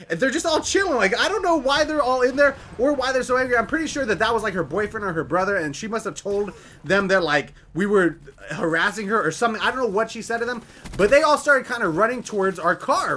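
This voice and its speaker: Bright, high-voiced young man telling a story. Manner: chatty, animated, lots of "like" and "right?". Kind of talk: casual storytelling.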